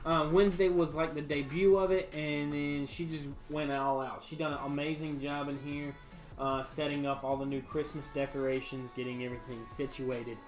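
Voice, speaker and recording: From a sound-foamed home bar room, a livestream host chats casually to his viewers with faint music behind him. His voice is fairly high with little pitch movement and a moderate pace, and his talk is rambling, laid-back and folksy, heavy on fillers.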